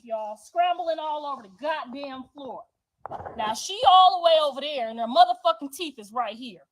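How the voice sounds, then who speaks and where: A high-pitched woman on a livestream, launching into a heated personal rant. She is confrontational and profane, hammering her points home with repetition. Her voice sits well above the usual range. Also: a little hiss or hum, rough recording.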